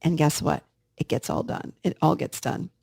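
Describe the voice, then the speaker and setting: Earnest woman with a gravelly fry. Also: deep voice, moderate pace, a little mellow, no room sound, studio quality. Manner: earnest, encouraging, addresses listeners directly. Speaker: podcast host. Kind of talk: casual self-help podcast talk.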